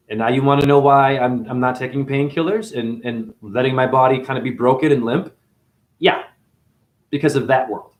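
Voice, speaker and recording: A man hosting a casual livestream monologue to his chat, preachy and animated, swinging between loud outbursts and quiet muttering. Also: mid-range voice, reverberant.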